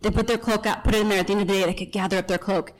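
Talking very fast in a steady, medium-pitched voice over a rough recording, a woman walks through a Bible passage in a chatty storytelling manner. Along the way she drops asides, corrects herself, and plays out the characters.

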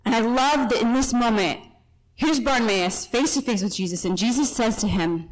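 A woman's voice: fairly high pitch, moderate pace, low-quality recording. A woman teaching a Bible passage in a chatty, storytelling way, correcting herself in passing and acting out the people in the story. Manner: chatty asides and self-corrections.

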